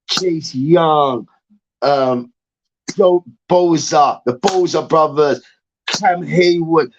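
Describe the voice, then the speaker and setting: A man hosting a sports show, ranting in an animated, emphatic way and repeating himself. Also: sits high, highs cut off. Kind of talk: heated sports rant.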